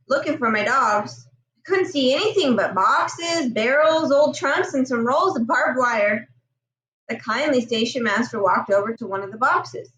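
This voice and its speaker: A woman with a high voice reads a novel aloud in a gentle, steady storytelling manner. The recording has a roomy echo, and she sits some way back from the mic. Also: distant mic. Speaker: reader.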